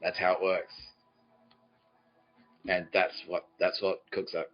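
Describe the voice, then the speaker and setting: A man with a lowish voice rambles through a comedic podcast monologue, swearing freely and breaking into laughter between phrases. The recording is dull and lo-fi, with faint music underneath. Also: flat delivery, takes it slowly. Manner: profane, rambling, often laughing mid-sentence. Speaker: podcast host.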